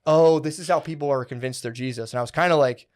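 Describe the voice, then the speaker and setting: Animated swearing man telling a rambling story. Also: on the high side, quick pace. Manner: rambling, animated, heavy swearing and filler words. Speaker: podcast co-host. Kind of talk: casual comedy podcast storytelling.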